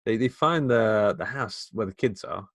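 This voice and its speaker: A man with a Midlands accent talks casually as a podcast co-host. His voice sits on the low side and is recorded dry and close, and his rambling stories keep breaking into laughter. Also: animated, moderate pace, dry recording. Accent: English Midlands. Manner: chatty, laughs often, rambling. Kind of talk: casual film chat.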